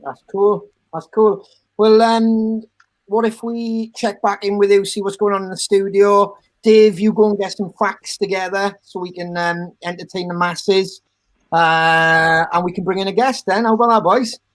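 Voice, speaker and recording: A man's voice: high voice, flat delivery, moderate pace, no echo, low-quality recording. A British man co-hosting a band podcast over a video call, joking and teasing in casual banter. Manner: jokey, teasing, tries silly accents. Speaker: podcast co-host.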